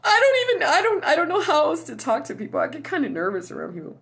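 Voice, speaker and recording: A woman chatting casually on a livestream from her home while high on cannabis, telling stories loudly and with lots of animation. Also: quick pace, few pauses. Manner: loud and animated storytelling. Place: at home indoors.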